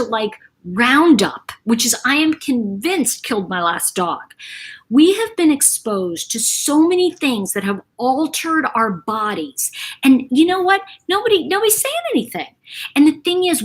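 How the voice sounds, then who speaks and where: A woman's voice: a little high, breathy edge. A middle-aged woman hosting a casual live chat, talking in a rambling, chatty way to her viewers. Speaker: livestream host.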